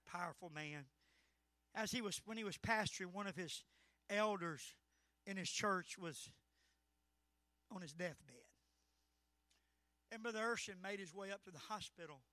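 A middle-aged man preaching a Pentecostal sermon at a church service, moving between shouted high points and hushed asides. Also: no echo. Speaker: pastor.

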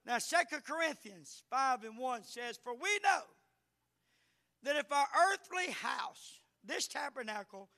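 A middle-aged man with a Southern US accent preaching a fervent Pentecostal sermon, with sudden loud exclamations. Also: extremely high pitch, animated, unhurried. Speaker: pastor.

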